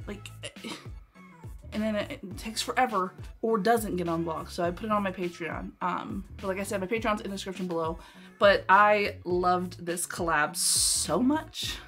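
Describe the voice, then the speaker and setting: A woman's voice: medium pitch, a bit bright. Gushing woman reacting over faint music. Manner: gushing, exclamatory, quick asides. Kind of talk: casual reaction commentary.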